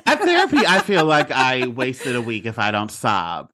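A man's voice: mid-range voice, huge pitch swings, moderate pace, noisy background. A man co-hosting a podcast, recapping a movie in casual comic chat with lots of laughter and joking asides. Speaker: podcast co-host.

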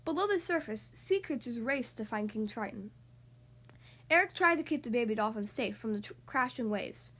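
High-voiced lady reading a kids storybook on her podcast, bright and expressive. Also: normal speed. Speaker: podcast host and reader. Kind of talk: reading a picture book aloud for children.

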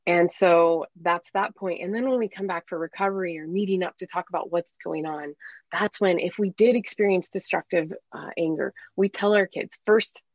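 A woman's voice: on the low side, moderate pace, no echo, lo-fi sound. A woman working as a parenting coach, explaining earnestly in a conversational interview and acting out bits of dialogue.

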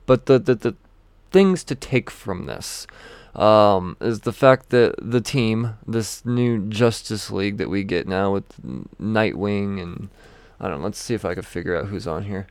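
A man's voice: on the low side, measured pace, smooth, dry recording. A man casually rambling through a comic book review, often stopping himself mid-sentence and laughing. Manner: chatty, self-interrupting, laughs often, swears casually.

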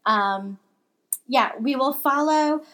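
A woman hosting a casual book podcast with a high voice. She talks in a chatty, rambling way, stopping and restarting her thoughts as she goes. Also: slow, a bit bright. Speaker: podcast co-host. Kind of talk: casual chat.

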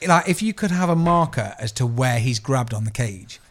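A man's voice: mid-range voice, animated, moderate pace. An English man co-hosting a podcast, telling sweary, jokey stories in casual chat and acting out the voices of the people in them. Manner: sweary, jokey storyteller who acts out voices. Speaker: podcast co-host.

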